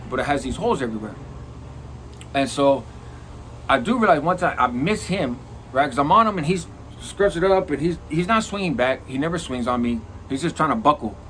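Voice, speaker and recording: A middle-aged man telling a prison story in a casual, profane, animated way. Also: mid-range voice, slight background noise. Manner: animated, profane, acts out quoted lines.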